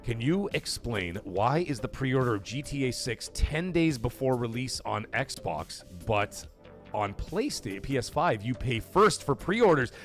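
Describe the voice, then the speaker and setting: This male livestream host takes his time with a loose, animated gaming rant. His pitch swings widely as he erupts into loud outbursts and curses, with faint music playing beneath him.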